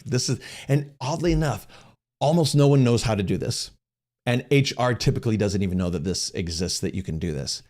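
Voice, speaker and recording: A middle-aged man hosting a casual question-and-answer session, talking at a medium pitch for a man. He explains step by step in an easygoing, conversational way, often restarting his phrases. He slips into little voices to act out the dialogue he quotes. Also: a little mellow. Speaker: host answering viewer questions.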